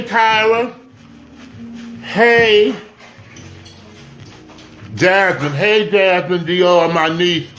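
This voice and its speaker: A man hosting a casual home livestream, chatting with viewers, greeting them by name and urging them to share. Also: high-pitched. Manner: chatty, shouts out viewers, urges sharing. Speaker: livestream host. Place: home, indoors.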